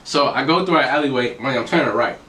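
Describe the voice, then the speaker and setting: A man telling stories in casual podcast chat, animated, who keeps saying "listen" to take the floor. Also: medium pitch, fast talker, slight background noise.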